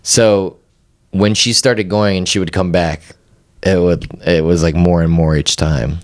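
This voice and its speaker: Male podcast co-host, very low voice, halting and easygoing. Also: fairly even intonation. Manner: hesitant, restarts often, laughs easily. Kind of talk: casual podcast chat.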